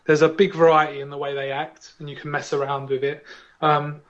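A man's voice: on the high side, little pitch movement, a little fast, muffled recording. A man co-hosting a podcast, rambling and joking in casual chat. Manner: rambling, digressive and jokey. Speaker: podcast co-host.

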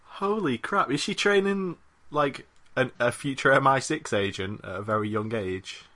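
Man, podcast co-host, casual chat, skeptical quips, bright tone. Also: mid-range voice, moderate pace.

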